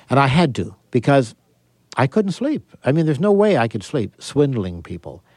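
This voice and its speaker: An older man, a magician and escape artist, telling lively stories as a guest in an interview and acting out the voices of people he quotes. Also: medium pitch, brisk, dry recording. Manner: animated, theatrical storyteller acting out quotes. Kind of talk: interview, storytelling.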